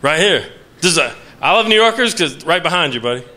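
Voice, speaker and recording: A man's voice: fairly high pitch, big pitch swings, fast, sharp tone. A man from Virginia, doing a stand-up comedy set on a theater stage, chatting with and teasing the audience. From West Virginia. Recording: noisy live theater recording.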